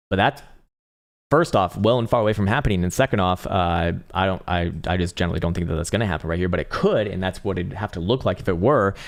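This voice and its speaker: A young man hosting a crypto trading livestream, reading chat and reacting in a rambling, profane way, laughing often and hunting for words. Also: deep voice. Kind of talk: casual livestream chart talk and chat replies.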